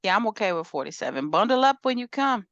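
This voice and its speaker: A woman's voice: mid-range voice, sing-song, quick pace, a bit bright, dry recording, highs cut off. A woman co-hosting a podcast, chatting casually in a laid-back, slangy storytelling way. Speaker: podcast co-host. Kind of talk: casual chat.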